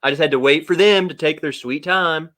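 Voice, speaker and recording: A man's voice: on the high side, a little fast, fairly bright tone. A man joining a casual livestream chat as a guest, teasing and bantering in a playful, mock-suspicious way.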